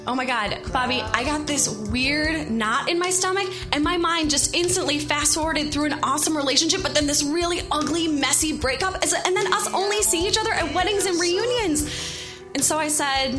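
A woman in her thirties telling a personal story to an audience, animated, expressive and self-deprecating. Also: sits high, brisk, music in the background.

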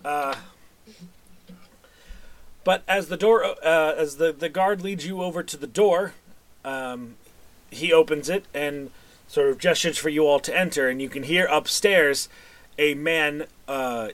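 A man's voice: fairly high pitch, a little slow, long pauses, a bit bright. A man narrating as game master for a tabletop game, rambling with fillers and self-corrections.

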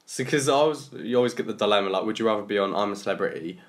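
A man's voice: on the low side, racing. A young man, co-hosting a casual podcast chat, laughing easily and steering the talk with questions. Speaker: podcast co-host.

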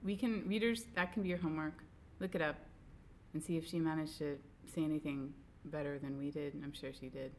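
A woman's voice: low-pitched, fairly even intonation, brisk, darkish tone, slight background noise. A woman co-hosting a podcast, chatting casually with dry, teasing sarcasm. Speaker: podcast co-host.

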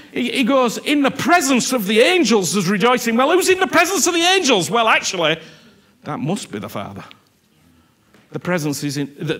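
A man preaching a sermon, earnest and animated, repeating himself and often asking whether he is understood. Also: high voice.

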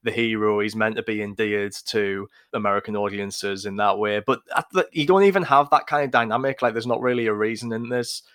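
Analytical man, low dry voice. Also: fairly quick, few pauses, fairly bright tone, clear, resonant tone, no echo. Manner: analytical, builds long arguments. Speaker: podcast co-host. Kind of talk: casual film discussion.

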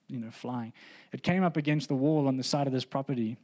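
A man's voice: medium pitch, fairly quick, a little mellow. A man, a pastor, telling a personal story in a sermon, earnest and building to emphatic preaching.

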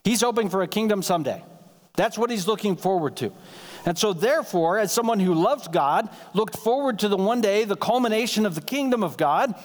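A man's voice: high-pitched, expressive. A man preaching as pastor, in a conversational sermon style that slips briefly into acted-out dialogue. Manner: conversational, acts out quick dialogue lines. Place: church sanctuary. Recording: long hall reverb.

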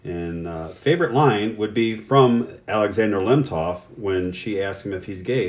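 A man's voice: on the low side, moderate pace, hardly any pauses. A man co-hosting a podcast in casual chat, hesitant, with many fillers and restarts. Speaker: podcast co-host.

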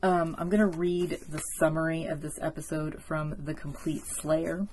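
A woman's voice: low voice, flat delivery, moderate pace, a little mellow, slight background noise. A young woman hosting a solo podcast, talking casually and emotionally with many fillers, close to tears. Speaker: podcast host.

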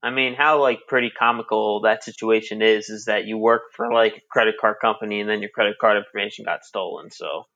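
Bright-toned man with a muffled sound. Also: fairly low pitch, fairly even intonation, a little fast, hardly any pauses. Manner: laid-back, laughing along. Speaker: podcast co-host. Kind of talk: casual chat.

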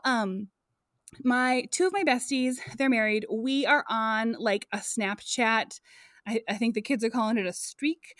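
A chatty woman co-hosts a casual podcast chat, full of fillers, restarts and easy laughter. Her voice sits a little high, and it is recorded close and dry with no room sound. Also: no echo. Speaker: podcast co-host.

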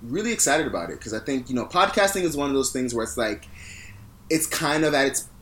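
A man's voice: medium pitch, expressive, fast talker, a bit bright, slight background noise. A man co-hosting a podcast in casual chat, telling stories with lots of fillers and restarts. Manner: rambling storyteller with many fillers. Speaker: podcast co-host.

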